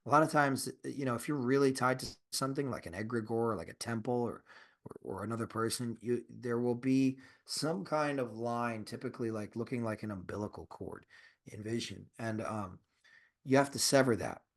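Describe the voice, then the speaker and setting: A man's voice: medium pitch, normal speed, gravelly. A man co-hosting a podcast in casual chat, rambling with restarts and swearing, and turning emphatic and insistent when he argues a point. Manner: rambling, profane, with frequent restarts and fillers. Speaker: podcast co-host.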